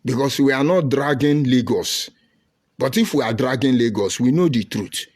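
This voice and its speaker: A man's voice: mid-range voice, normal speed, darkish tone, husky. A middle-aged man with a Nigerian accent giving combative live-stream commentary, reading and answering viewer comments with rhetorical questions and insults.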